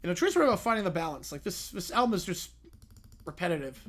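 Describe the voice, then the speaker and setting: A young man hosting a casual livestream, answering viewer questions with quick reactions and frequent "yeah"s. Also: high voice, sing-song, fairly bright tone. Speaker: livestream host reading chat.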